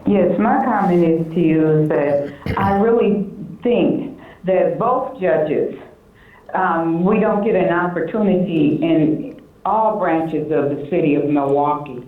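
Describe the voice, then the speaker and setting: Female caller, slow and fed up, lowish voice on a thin, roomy phone line. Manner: slow, emphatic, fed-up complaining. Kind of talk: call-in comment. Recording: tinny, echoey phone line.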